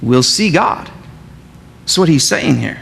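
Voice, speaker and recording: A male pastor preaches to his congregation in a high, very expressive voice that swings up and down. He keeps asking the room questions. His words ring with the long reverb of a church hall. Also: takes it slowly, creaky. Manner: animated, asks the congregation questions. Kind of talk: sermon. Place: church sanctuary.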